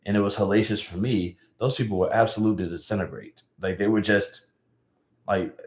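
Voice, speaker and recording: A young man chatting casually on a livestream, rambling and halting, often trailing off with sighs. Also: lowish voice. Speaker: live streamer.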